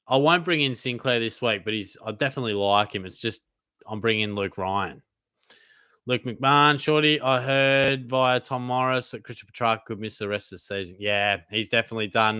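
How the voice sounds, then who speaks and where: A young Australian man hosts a live Q&A and reads chat questions aloud in loose, easygoing banter full of "mate". His voice is bright and crisp, and the recording sounds dry and close. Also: medium pitch, no room sound. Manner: casual, laid-back banter with frequent mates and fillers. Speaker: host.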